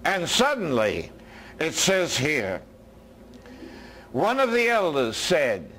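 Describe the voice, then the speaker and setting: An American man preaching a sermon as a minister, his voice dropping low and soft and then rising again. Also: wildly swooping pitch, slow, a little hiss or hum.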